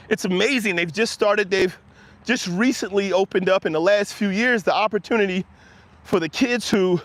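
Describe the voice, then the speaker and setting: A man's voice: high-pitched, fairly bright tone. A man hosting a casual livestream, chatting loosely with his viewers and laughing often as he rambles. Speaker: livestream host reading chat.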